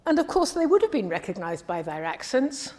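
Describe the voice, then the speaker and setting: A woman from the English Midlands preaching a sermon in a measured, earnest way, often trailing off softly at the ends of phrases. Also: medium pitch, very animated. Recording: long hall reverb.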